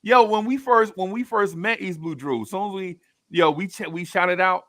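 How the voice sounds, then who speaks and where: A man hosting a casual live stream, reading viewer comments and telling stories in a slangy, laughing, animated way. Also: on the high side, normal speed, no echo.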